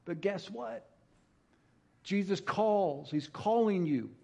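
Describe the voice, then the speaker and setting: High-voiced man preaching a sermon. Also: lively intonation, slow, vocal fry. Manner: storytelling, emphatic, swings from hushed to loud; engages audience with call-and-response.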